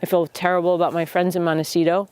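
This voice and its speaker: A woman's voice: lowish voice, flat delivery, a little mellow, clear, resonant tone, no echo. Earnest woman talking to camera. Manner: earnest, reflective, with pauses and restarts. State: emotional. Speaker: host. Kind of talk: personal talk to camera.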